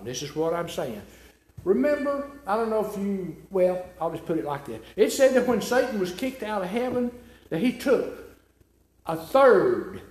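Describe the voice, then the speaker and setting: A man's voice: high voice, darkish tone. A man preaching a sermon, emphatic and repetitive, asking his listeners rhetorical questions. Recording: echoey room.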